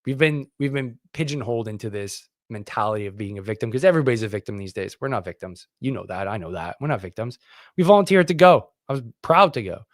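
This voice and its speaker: A man's voice: animated, fast talker, no echo, clean studio sound. Impassioned veteran man rallying his listeners. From Canada. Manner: emphatic, rallying, loud bursts of pitch and volume; rough, plainspoken, curses. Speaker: veteran podcast host. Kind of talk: impassioned solo talk to camera.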